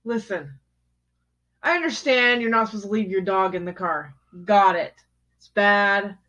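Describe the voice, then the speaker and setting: A woman's voice: medium pitch, unhurried, a bit bright. A woman in casual chat, teasing and arguing back at her co-host. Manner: teasing, argumentative. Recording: dull lo-fi sound.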